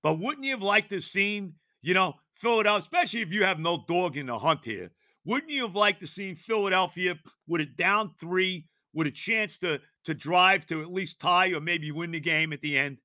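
Fired-up ranting man, bright and sharp. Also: sits high, animated, moderate pace, no room sound, studio quality. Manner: exasperated, ranting, stammering restarts, bursts of shouting. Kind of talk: sports talk rant.

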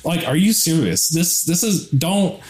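Brief: male podcast co-host, animated storyteller who swears a lot, echoey room. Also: a little high, measured pace. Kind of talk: casual podcast chat.

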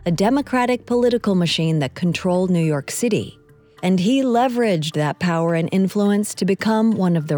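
A female podcast host narrates a historical story in a measured, composed manner. Her voice is mellow and warm, with faint music at times. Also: mid-range voice.

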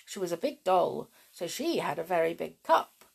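A middle-aged woman reading a children's story aloud and chatting cosily with young listeners in a lively, friendly way. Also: on the low side, normal speed, gravelly, slightly rough.

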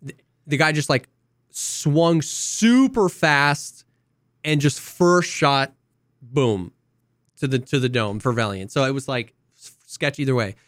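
Taking it slowly with long pauses, a young podcast co-host works through a long gaming anecdote, dropping into quoted voices and coughing from time to time. His mid-range voice is fairly bright, and the recording is dry and close, with no room sound.

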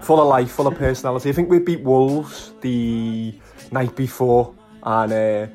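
A man's voice: mid-range voice, fairly even intonation, normal speed, a little mellow, faint music behind. A man, a podcast co-host telling a story in casual chat, calling his friend "lad". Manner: storytelling, says "lad" a lot.

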